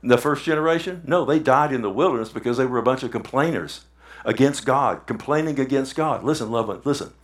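A male pastor preaches in a mid-range voice, neither high nor low. He talks to his listeners directly, tossing them questions and repeating words to drive his points home. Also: a little fast. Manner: conversational, asks the audience questions, repeats for emphasis. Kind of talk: sermon.

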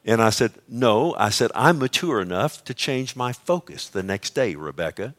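A man's voice: medium pitch, expressive, normal speed. A middle-aged male pastor preaching a sermon, emphatic and often asking his listeners questions. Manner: emphatic, asks the congregation questions.

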